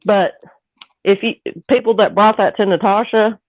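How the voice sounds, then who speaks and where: A woman's voice: mid-range voice, steady tone, normal speed, no echo. A woman with a Southern US accent chatting casually on a livestream, rambling and mimicking other people. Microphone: phone or call audio. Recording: tinny dry phone-line sound.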